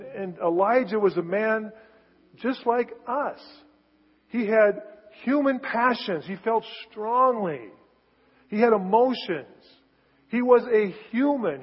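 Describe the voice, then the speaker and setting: A husky, fairly high-voiced man preaches to his congregation, acting out scripture scenes in a casual, conversational way. His voice rings through a church sanctuary with a long reverb, and the recording sounds a little dull. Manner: conversational preaching, acts out biblical dialogue with rising intensity. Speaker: pastor. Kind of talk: sermon.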